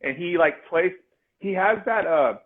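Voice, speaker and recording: A man's voice: high-pitched, measured pace. Hyped guy gushing about stuff, says dude and bro a lot, sounds like he's on a phone line. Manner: excitable, swears a lot, slangy. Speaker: podcast co-host. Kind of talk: casual chat.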